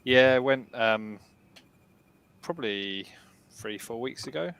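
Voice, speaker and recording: A man's voice: medium pitch, slow pace, gravelly, a bit bright, smooth, dry recording. A man talking casually, laid-back and hesitant with many ums. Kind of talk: casual chat.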